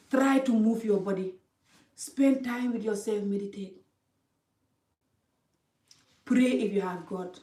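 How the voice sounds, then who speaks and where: A woman giving passionate life advice to camera. She talks emphatically, repeats phrases for stress and uses non-native English grammar. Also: mid-range voice. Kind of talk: impassioned monologue to camera. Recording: echoey room, voice a bit distant from the mic.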